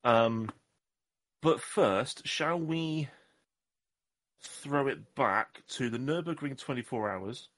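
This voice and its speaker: A man's voice: mid-range voice, slow pace, long pauses, a bit bright. A man from Southwest England, co-hosting a podcast in casual, jokey chat and often tripping over his words. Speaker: podcast co-host.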